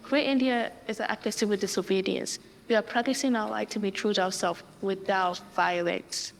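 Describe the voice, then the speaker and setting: A woman's voice: medium pitch, fairly even intonation, normal speed, slight background noise, close to an everyday voice. An actress playing a determined Indian mother who speaks firmly and earnestly. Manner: firm, earnest. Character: determined Indian mother, principled adult woman. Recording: hall reverb, faint ambience.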